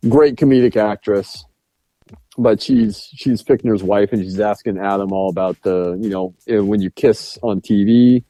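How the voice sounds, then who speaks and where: A man with a lowish, mellow voice chats casually on a podcast, retelling film scenes in a rambling way full of "uh" and "like". The sound is dry and close, with faint music underneath. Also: no echo. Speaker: podcast co-host. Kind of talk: casual film review chat.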